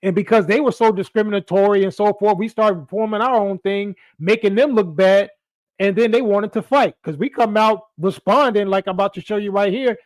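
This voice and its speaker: A man's voice: sits high, a little fast, no echo. A man hosting a podcast in loose, casual commentary, talking straight to his viewers and leaning on filler phrases. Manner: loose, talks back to viewers, leans on "you know". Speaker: podcast host.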